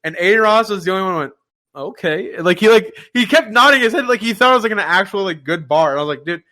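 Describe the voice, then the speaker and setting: A man with a fairly high, very bright voice talks in a casual podcast chat. He sounds animated and indignant, piling on swear words. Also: rapid-fire.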